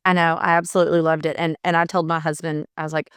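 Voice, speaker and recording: A woman co-hosting a podcast, a mother telling stories in a casual, animated way and acting out the conversations she retells. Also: deep voice, fast talker, smooth, no echo, studio quality. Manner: animated, retells conversations in quotes, frequent restarts. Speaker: podcast co-host; mother of boys.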